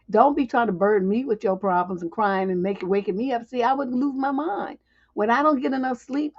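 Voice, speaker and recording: Woman, fairly high voice, brash profane advice host, livestream, dull lo-fi audio. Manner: chatty, laughing asides.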